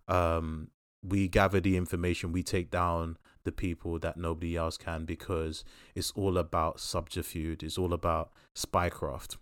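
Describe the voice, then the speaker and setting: Man, low voice, casual film review chat, rambling, dry close sound. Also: little pitch movement, moderate pace, smooth, no room sound. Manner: rambling, thoughtful, frequent fillers and restarts.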